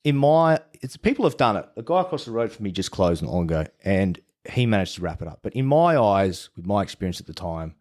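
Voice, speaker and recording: A man with a fairly low voice talks as a podcast guest in loose, casual storytelling. He is blunt and swears freely. He often breaks off and restarts his sentences as he goes over the details. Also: sing-song, a little fast, hardly any pauses, a little mellow.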